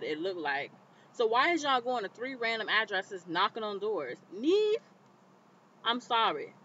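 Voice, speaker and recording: A woman vlogger recapping a TV episode in casual commentary, animated and indignant, talking straight to the viewer. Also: mid-range voice, a little hiss or hum. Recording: slightly dull lo-fi recording.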